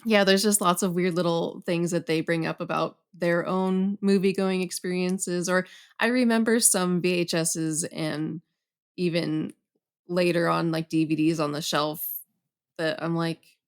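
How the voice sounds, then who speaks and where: A young woman with a fairly low voice chats casually as a podcast guest. She talks in a relaxed way and fills her sentences with "um" and "like". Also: measured pace. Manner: relaxed, many fillers like "um" and "like". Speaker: guest horror journalist.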